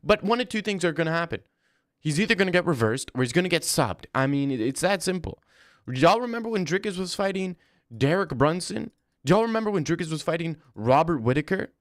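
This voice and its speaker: A man's voice: on the high side, lively intonation, brisk, no echo, clean studio sound. A young man hosting a livestream, chatting casually and reading viewer comments, rambling and slangy. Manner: rambling, slangy, says "bro" often. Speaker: livestream host.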